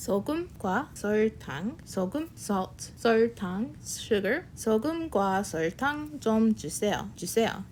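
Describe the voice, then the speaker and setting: A woman teaching a casual online language lesson. She explains step by step, checks in with "right?", and switches between quick sample sentences and slow explanation. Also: mid-range voice, a little mellow, a little hiss or hum.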